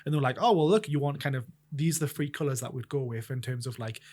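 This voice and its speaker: A man, co-hosting a casual podcast and telling animated stories full of acted-out reactions. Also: mid-range voice, fast. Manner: animated storyteller, acts out his own panicked reactions with laughter. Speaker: podcast co-host. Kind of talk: casual chat.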